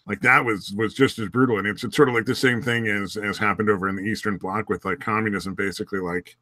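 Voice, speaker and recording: A man in casual podcast chat, talking haltingly with many fillers and restarts. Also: fairly low pitch, steady tone, pushed and bright, no room sound, studio quality. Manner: hesitant, halting talk with fillers. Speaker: podcast co-host.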